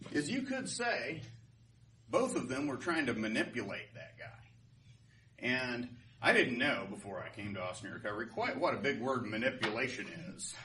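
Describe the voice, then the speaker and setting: A man telling stories to a live class in a casual, chatty way, often checking in with his listeners. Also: mid-range voice. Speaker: storytelling teacher. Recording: roomy live class, distant mic, faint noise.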